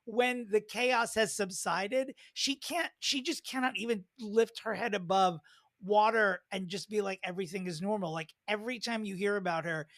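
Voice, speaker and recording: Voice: mid-range voice, moderate pace, fairly bright tone, no echo. Podcast cohost going on an emphatic rant, dry close mic. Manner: emphatic, ranting. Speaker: podcast co-host. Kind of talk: casual chat.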